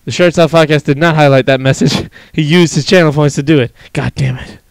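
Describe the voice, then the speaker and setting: Male podcast host, fairly high and smooth voice, dry close mic, swears and laughs a lot. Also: steady tone, fairly quick, dry recording. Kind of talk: casual chat.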